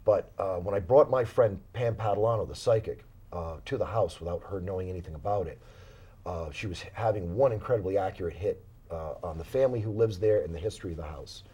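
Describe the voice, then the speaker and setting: Guest investigator, male, low husky voice, animated storyteller, studio chat. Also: quick pace. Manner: animated storyteller, many fillers and restarts. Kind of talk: casual interview storytelling. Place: small studio.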